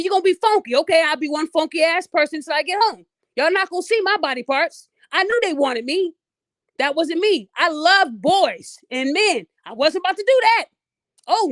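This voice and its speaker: A woman hosting a podcast, telling a story in a blunt, animated way and talking straight to her listeners. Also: high-pitched, dry recording. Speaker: podcast host. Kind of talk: casual storytelling monologue.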